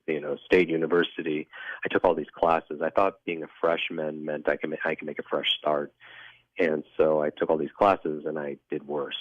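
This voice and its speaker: A man being interviewed as a guest, telling a personal story in an earnest, reflective way, often halting and restarting. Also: a bass voice, dry recording. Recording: dull lo-fi dry recording.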